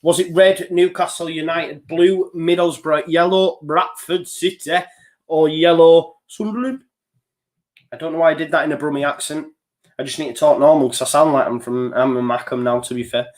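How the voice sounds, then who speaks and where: Man, casual live quiz host, fairly high voice, chatty and self-deprecating. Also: brisk. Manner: chatty, reads answer options in a steady list; loose and self-deprecating, with small slips. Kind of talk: live online quiz hosting.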